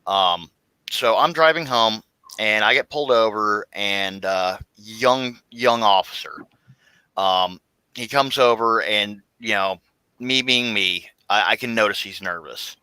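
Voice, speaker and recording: A man telling a long anecdote in casual podcast chat, halting often with fillers and restarts. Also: on the low side, pushed and bright, clean tone, no room sound, poor audio. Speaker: guest storyteller.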